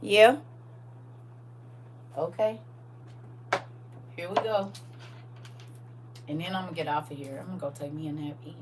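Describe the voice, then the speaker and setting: A woman's voice: on the low side, fairly even intonation, a little slow, long pauses, noisy background. A middle-aged woman, chatting with listeners while leading a casual online Bible study. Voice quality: raspy. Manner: chatty, laughs often, talks to listeners directly. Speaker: online scripture study host.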